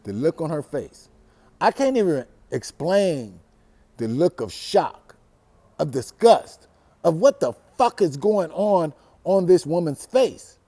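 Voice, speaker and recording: Animated, high-voiced storytelling man. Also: slow. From Los Angeles. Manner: animated, profane, swinging from hushed to loud. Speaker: storytelling host. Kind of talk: casual personal storytelling.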